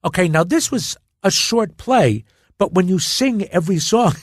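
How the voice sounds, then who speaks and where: A man's voice: high-pitched, normal speed, no room sound, studio quality. A man being interviewed as a guest, telling anecdotes in casual chat, stammering and restarting as he acts them out. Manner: animated storyteller who stammers and restarts while acting out anecdotes.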